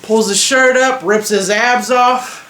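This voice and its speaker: A man's voice: very high-pitched, steady tone, slow pace, bright, forceful tone, reverberant. A young man giving opinionated, joking reactions in a casual, slangy vlog. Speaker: vlogger.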